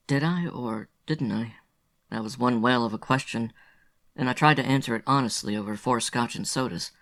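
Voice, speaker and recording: With a gravelly, fry-heavy voice of middling pitch and a fairly bright tone, this man reads a literary audiobook. He keeps a measured, confessional storytelling style.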